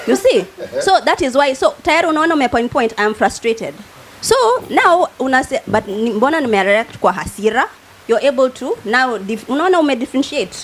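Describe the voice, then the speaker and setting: A woman's voice: high voice, expressive, moderate pace, slight background noise. Kenyan woman explaining like a teacher. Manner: teacherly, acts out everyday examples, mixes English and Swahili. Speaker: guest expert. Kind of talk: TV talk show explanation. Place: TV studio.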